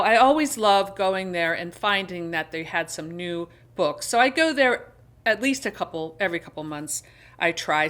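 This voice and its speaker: A chatty American woman hosts a casual book haul vlog. She rambles a little, fills gaps with "uh" and "like", and stops to read book blurbs aloud. Her voice sits at a middle pitch for a woman. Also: fairly bright tone. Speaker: BookTube host.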